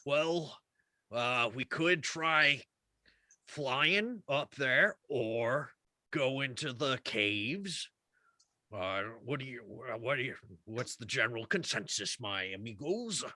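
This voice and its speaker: Man, very bright tense voice, dry close sound, wry player. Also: mid-range voice, expressive, slow, dry recording. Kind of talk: playing a tabletop game.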